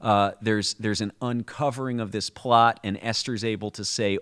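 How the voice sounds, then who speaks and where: A man's voice: on the low side, fairly even intonation, moderate pace, few pauses, fairly bright tone, smooth. A man co-hosting a podcast, explaining a holiday story in a conversational, storytelling way with frequent restarts. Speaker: podcast co-host.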